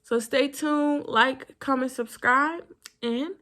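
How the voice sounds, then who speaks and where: A woman's voice: fairly high pitch, a little slow, a bit bright. A young woman in her twenties chatting casually to the camera, rambling through a story time outro with plenty of fillers. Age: 20s. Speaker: vlogger.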